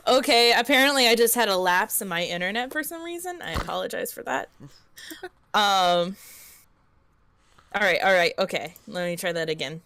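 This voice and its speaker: A woman's voice: mid-range voice, animated, moderate pace, long pauses, bright, forceful tone, clean tone, no echo. A woman co-playing on a live stream, chatting casually in a giggly, hesitant way. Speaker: co-player on a stream. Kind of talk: casual chat.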